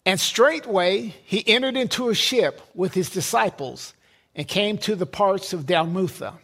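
A man's voice: sits high, unhurried, fairly bright tone, slightly rough. A man preaching a sermon, emphatic, repeating words and building lists.

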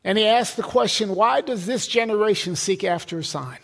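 A man's voice: high voice, moderate pace, gravelly, a bit bright. A man preaching a sermon, emphatic, repeating words and building lists.

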